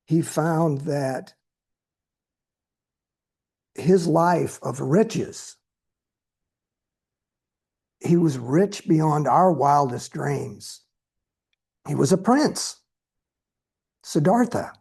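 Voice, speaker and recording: A man giving a dharma talk as a Buddhist teacher, telling a story in a slow, measured way with pauses. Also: on the high side, lively intonation, vocal fry, a little mellow, husky.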